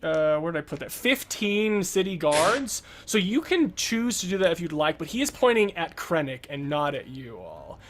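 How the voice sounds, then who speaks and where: A man's voice: a little high, big pitch swings, a little fast, hardly any pauses, a little hiss or hum. A man narrating as game master of a tabletop game in a loose, rambling way, with lots of fillers.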